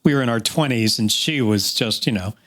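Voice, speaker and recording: A man's voice: mid-range voice, brisk, fairly bright tone. A man in his sixties co-hosting a podcast, joking and teasing in casual chat. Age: 60s. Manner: jokey, teasing. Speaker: podcast co-host.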